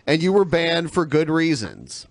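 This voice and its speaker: A man hosting a podcast, firing quick, challenging retorts in casual banter. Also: a little high, wildly swooping pitch, noisy background. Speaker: host.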